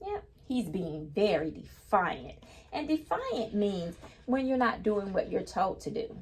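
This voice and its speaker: A woman's voice: medium pitch, very animated, unhurried, darkish tone, a little hiss or hum. A woman reading a picture book aloud to children, patiently stopping to explain each new word in simple terms. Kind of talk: children's read-aloud lesson.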